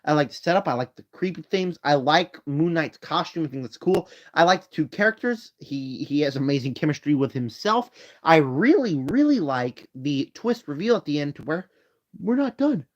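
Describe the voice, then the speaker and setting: A man hosts a casual live stream from his room, rambling through movie rankings while tired and yawning. His voice sits a little high and comes through dull, lo-fi phone audio. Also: animated, moderate pace. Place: home room.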